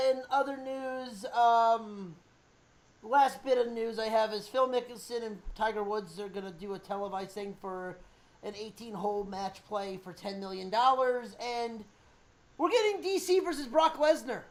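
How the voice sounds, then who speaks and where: A woman co-hosting a podcast, giving an offhand, relaxed rundown of the news in casual chat. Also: on the high side, a little slow. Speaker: podcast co-host.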